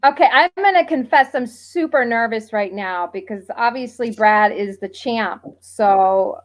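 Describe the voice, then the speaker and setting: A woman comedian guest in casual chat, eager and quick to exclaim. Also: a little high.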